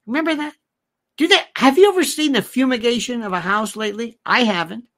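A man's voice: extremely high pitch, brisk, fairly bright tone. A man hosting an opinionated commentary monologue, firing off incredulous rhetorical questions.

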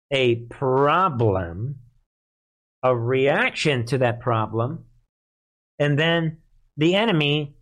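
Man, mid-pitched voice, sarcastic, scoffing, live commentary host.

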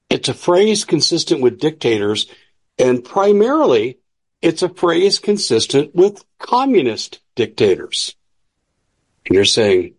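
A man's voice: medium pitch, big pitch swings, measured pace, breathy edge. A man hosting political commentary, talking in an emphatic, preachy and combative way. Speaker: host.

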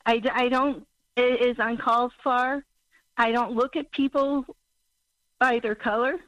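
An emotional woman in her sixties from Missouri calls in to a talk show. She speaks in halting, broken sentences in a fairly high voice. Her call comes through muffled, like a phone line. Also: steady tone, dry recording. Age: 60s. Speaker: caller.

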